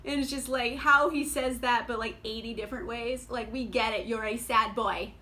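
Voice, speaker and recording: A young adult woman casually reviewing books on her vlog, chatty and sarcastic, full of fillers and quick laughs. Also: fairly high pitch, little pitch movement, bright, forceful tone. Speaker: book vlogger.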